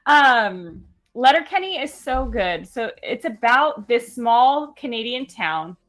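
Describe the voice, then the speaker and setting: A young woman from California in casual chat, animated and laughing as she tells stories. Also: a little high, takes it slowly. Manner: chatty and animated, laughs while telling stories. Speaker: stream guest.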